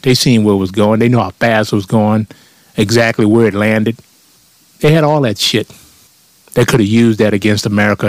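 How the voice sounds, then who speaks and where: A man's voice: lowish voice, dry recording. A man delivering a blunt, profane comedic rant and mocking his critics.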